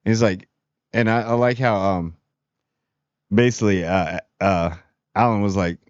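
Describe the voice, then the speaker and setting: A man's voice: lowish voice, very animated, no room sound, highs cut off. Slangy casual man reviewing a show. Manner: slangy, rambling, acts out characters in quick voices.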